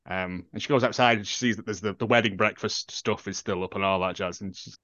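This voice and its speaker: A man's voice: on the low side, fast, few pauses, bright, forceful tone, no room sound, highs cut off. A man, a podcast host, retelling a film in a rambling, casual way and laughing as he goes. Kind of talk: casual film recap chat.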